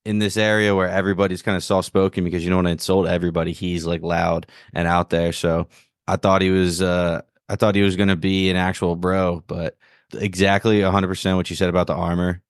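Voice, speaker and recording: Deep-voiced man, rambling casual chat. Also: level tone, a little fast, smooth, dry recording, clean studio sound. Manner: rambling, jokey, lots of "like". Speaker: podcast co-host.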